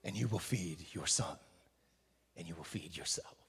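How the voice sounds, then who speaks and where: A male preacher delivering a sermon emphatically, often raising his voice to a shout. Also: low voice, normal speed, gravelly. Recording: reverberant hall.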